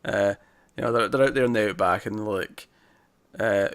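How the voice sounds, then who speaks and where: A man co-hosting a casual TV review podcast, talking in an animated, exasperated way and swearing now and then. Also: on the low side, brisk, dry recording. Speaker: podcast co-host.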